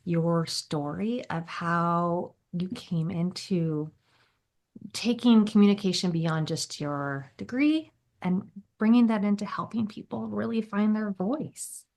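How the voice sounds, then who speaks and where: A woman's voice: on the low side, slow pace, darkish tone. A woman hosting a podcast, upbeat and enthusiastic, with a scripted welcome and then easy interview chat full of laughs. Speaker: podcast host.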